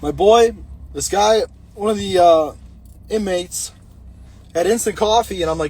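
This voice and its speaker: Casting: young man, husky and high-pitched, blunt rambling storyteller. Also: moderate pace, darkish tone. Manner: blunt, rambling, talks with nicotine pouch in mouth. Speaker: vlogger telling a personal story. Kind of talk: casual storytelling monologue.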